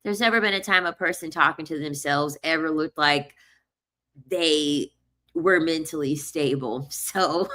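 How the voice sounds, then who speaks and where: Young woman vlogger, lower-pitched but bright, animated and chatty. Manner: animated, repeats herself, laughs often. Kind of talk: casual storytelling monologue.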